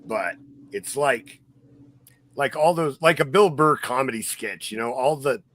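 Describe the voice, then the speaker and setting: Bright-voiced man rambling in casual chat. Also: mid-range voice, expressive, a little slow. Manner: rambling storyteller, many fillers. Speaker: podcast host.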